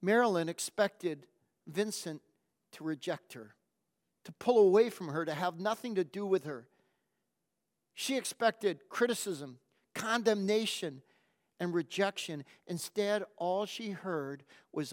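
A man preaching a sermon, telling a story in a slow, gentle, reflective way. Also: high voice. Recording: long hall reverb.

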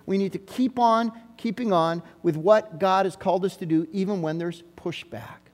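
Emphatic high-voiced male preacher in a reverberant hall. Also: moderate pace, darkish tone. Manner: emphatic, repeats key phrases for emphasis. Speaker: pastor. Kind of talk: sermon.

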